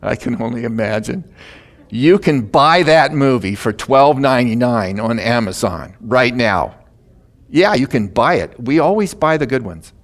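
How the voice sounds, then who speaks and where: Older male preacher, folksy storyteller, mid-pitched voice, lots of fillers, bursts high and loud then drops to soft asides. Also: expressive, a little slow. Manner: conversational, many "you know" fillers.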